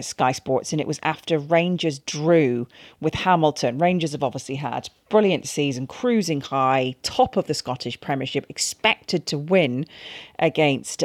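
A woman co-presenting a podcast, retelling a story in animated, chatty speech. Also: sits low, no echo, clean studio sound. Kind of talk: casual chat.

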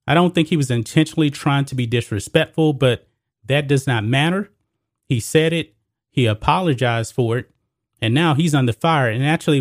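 A man's voice: medium pitch, dry recording, clean studio sound. A man hosting his own sports commentary channel, talking casually and straight to his viewers, often calling them guys and folks. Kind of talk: casual opinion commentary to camera.

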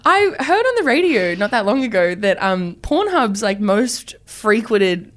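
A woman's voice: medium pitch, very animated, unhurried, a bit bright. A woman co-hosting a casual podcast, frank and playful, with frequent giggles. Her voice swoops up and down. She is heavily pregnant. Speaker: podcast co-host. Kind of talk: casual chat.

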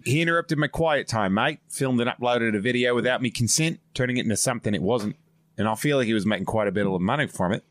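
A man's voice: medium pitch, fast talker, a bit bright, no echo, studio quality, lightly acted. A man putting on a grumpy old Aussie lady. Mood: indignant. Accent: mock Australian. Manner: gruff, blunt, exaggerated slang. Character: grumpy elderly Australian woman.

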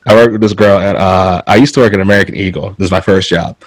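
A young man from North Carolina telling stories in casual chat, animated, laughing often and swearing freely. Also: low voice, fast talker, dry recording, rough recording.

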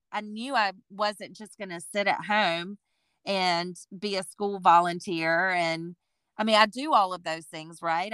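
A woman's voice: medium pitch, clean tone, no room sound. A woman in her forties, a boutique owner and interview guest, telling her story conversationally and acting out what people said. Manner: lively storyteller who acts out what people said.

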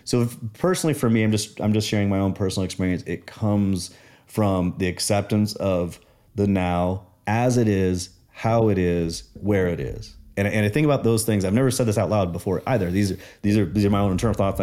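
A man with a fairly low voice talks through his own experiences in relaxed conversation. He is earnest and reflective, winding his thoughts out loud as he tells a story. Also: a little fast. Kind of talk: casual conversation.

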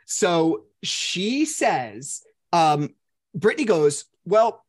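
A man's voice: on the high side, animated, moderate pace. A man hosting a podcast, telling a story in a casual, profane way and mocking the people he quotes. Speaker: podcast host.

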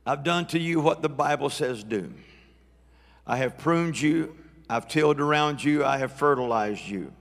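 A preacher doing a folksy man with an exaggerated Southern drawl, sternly warning a barren tree. The voice is gravelly and echoes through a church hall. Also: on the high side, unhurried. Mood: mock-stern. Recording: long church hall reverb.

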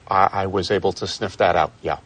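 A flustered young store clerk in a film comedy scene. His voice is slightly low and husky. He stammers and hedges through every reply. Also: steady tone, fairly quick, a bit bright. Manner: stammering, hesitant.

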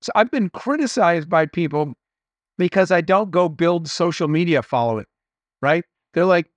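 A middle-aged man with a notably high voice speaks as an interview guest, earnest and anecdotal as he shares motivational lessons. The sound is dry and close, with no room around it. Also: lively intonation, normal speed, no room sound, highs cut off. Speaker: entrepreneur guest. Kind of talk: conversational interview storytelling.

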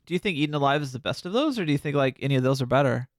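A man's voice: medium pitch, lively intonation, racing, dry recording, clean studio sound. A man co-hosting a podcast, chatting casually about a horror film and rambling through trivia with many restarts. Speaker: podcast co-host. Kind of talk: casual movie discussion.

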